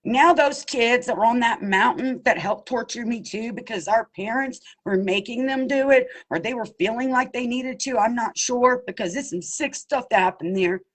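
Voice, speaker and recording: Husky woman giving emphatic testimony. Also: on the high side, moderate pace, few pauses, low-quality recording. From Pennsylvania. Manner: emphatic and pleading, addresses listeners as y'all. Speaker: abuse survivor speaking out. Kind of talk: impassioned personal testimony.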